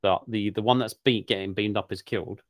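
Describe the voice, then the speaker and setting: A man with a low voice chats loosely on a podcast, rambling from one idea to the next and laughing along. His voice sounds dry and close, with no room around it. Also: steady tone, brisk, dry recording. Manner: rambling, jokey, laughs often. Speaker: podcast co-host. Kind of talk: casual chat.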